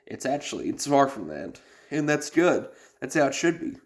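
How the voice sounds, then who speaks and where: A man's voice: mid-range voice, sing-song, brisk. A man on a podcast giving blunt, rambling advice in casual talk, cursing and using many fillers. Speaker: podcast host.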